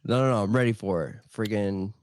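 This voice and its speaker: A man's voice: lowish voice, fairly quick, darkish tone, smooth, no room sound, studio quality. A man guesting on a casual podcast, cracking jokes and playing along with goofy banter. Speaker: guest co-host.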